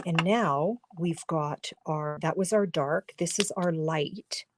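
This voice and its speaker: A woman's voice: low voice, slow, background noise. A woman hosting a live-streamed card-making class from her home studio, chatting and explaining as she colors, and losing her voice. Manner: chatty and instructive, talking while coloring, often drops to a murmur. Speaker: crafting class host. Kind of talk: live-streamed craft demonstration.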